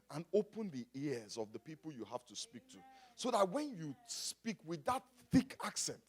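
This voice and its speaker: An African pastor preaches with a slightly rough voice that's high for a man, swinging widely in pitch from quiet asides to shouted points. He calls out to the congregation for responses.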